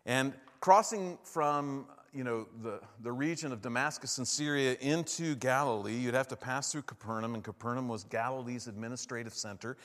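A man's voice: mid-range voice, normal speed, few pauses, a bit bright. A man preaching a conversational sermon, often checking in with "right?" and acting out the voices of people he quotes. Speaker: pastor. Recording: long hall reverb.

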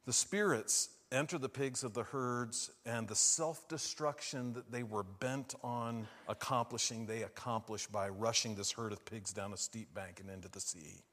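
A man preaching a sermon, asking his listeners questions and moving between hushed and loud, emphatic lines. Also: medium pitch, fairly even intonation, moderate pace, hardly any pauses, big-room sound.

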